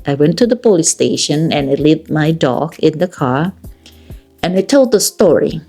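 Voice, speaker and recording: A woman from Thailand, a native Thai speaker with a Thai accent, telling a personal story in halting, repetitive English. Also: low-pitched, mellow. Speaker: vlogger.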